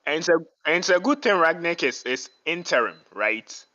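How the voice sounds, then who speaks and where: A man on a muffled online call, chatting about football slowly and emphatically, repeating his points. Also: a little high, very animated, sharp tone. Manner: slow, emphatic, repeats himself. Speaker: co-host. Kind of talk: casual chat.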